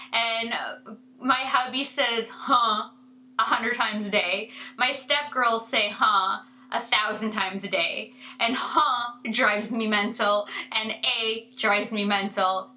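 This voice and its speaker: A woman's voice: on the high side, sharp tone, rough recording. A woman beauty vlogger chatting casually to her viewers in a rambling way, with many fillers and asides. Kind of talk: casual chat to camera.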